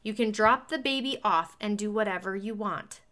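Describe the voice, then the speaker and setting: Bright-voiced woman telling a story. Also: mid-range voice, normal speed. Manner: animated, acts out both sides of a conversation. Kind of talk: casual chat.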